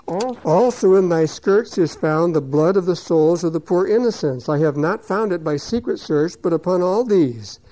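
A man teaching verse by verse, reading scripture slowly and loudly, then explaining it quickly in plain words. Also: sits high, expressive, poor audio. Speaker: Bible teacher. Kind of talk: verse-by-verse Bible commentary.

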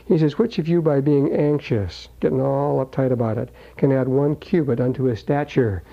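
A man preaching a sermon in a folksy, conversational way, slowing down to read scripture aloud. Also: medium pitch, fairly even intonation, creaky, mellow. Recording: dull lo-fi recording.

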